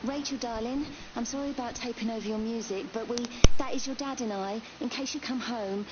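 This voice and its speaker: An actress voicing a hurried, tender mother leaving a recorded message for her daughter in a video game. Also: a little high, steady tone, lightly acted. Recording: muffled tape recording with hiss.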